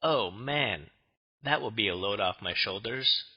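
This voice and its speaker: A man's voice: fairly low pitch, lively intonation, measured pace, slightly rough, exaggerated voice. A man playing a laid-back student. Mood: casual. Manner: casual, easygoing. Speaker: dialog actor. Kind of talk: scripted textbook dialog. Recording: muffled lo-fi studio recording.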